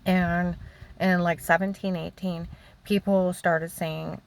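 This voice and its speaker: A woman's voice: on the low side, little pitch movement, vocal fry. An older woman giving a rambling, emotional personal testimony about her own life. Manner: rambling, emotional, halting storytelling.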